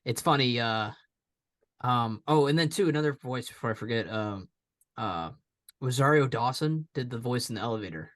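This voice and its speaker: A man's voice: medium pitch, lively intonation, moderate pace, a bit bright. A man chatting casually on a movie podcast, sharing trivia about the cast in an easygoing way. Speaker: podcast co-host. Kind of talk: casual movie review chat.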